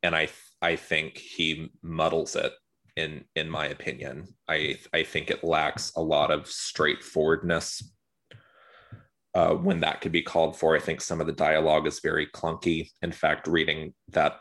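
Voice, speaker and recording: A man co-hosting a podcast, talking through a film review in a measured way and often repeating words as he thinks. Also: a bass voice, little pitch movement, fairly bright tone. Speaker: podcast co-host. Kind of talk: casual film review chat.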